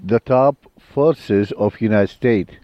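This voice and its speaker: A low-voiced man speaks earnest, blunt English with grammar. The sound is a little muffled and dry, with faint music underneath. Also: slow pace, dry recording. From Iraq. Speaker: guest. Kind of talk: casual conversation. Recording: slightly dull with faint music.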